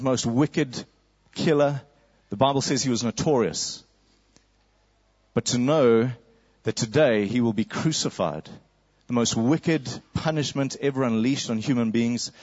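A man's voice: mid-range voice, darkish tone, muffled recording. A man preaching a sermon, telling a story vividly and acting out a crowd's cries.

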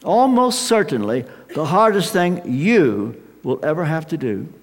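Older preacher in a reverberant hall. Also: male voice, a little high, very animated, gravelly. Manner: slow and emphatic, with dramatic pauses. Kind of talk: sermon. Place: large hall with an audience.

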